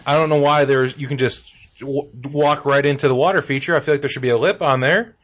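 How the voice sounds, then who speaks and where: A man's voice: on the high side, fairly even intonation, fast. A man co-hosting a comedy news podcast, talking in a rambling, jokey way with lots of filler words. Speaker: podcast co-host. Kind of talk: casual comedic news chat.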